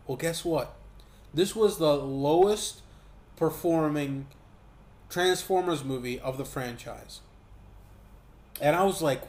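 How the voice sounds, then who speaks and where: A man giving a casual, profane movie review, talking in an animated way and mocking what he saw. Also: fairly high pitch, roomy sound. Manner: profane, animated, quick asides with mocking quoted voices.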